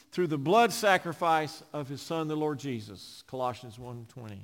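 A man preaching a sermon with impassioned delivery, surging to loud emphasis and dropping to hushed, low phrases. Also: normal speed, few pauses. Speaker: pastor. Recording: long hall reverb.

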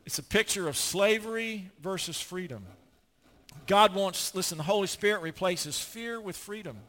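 An older man preaching a sermon, emphatic, often repeating words as he gets excited. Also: high-pitched, normal speed.

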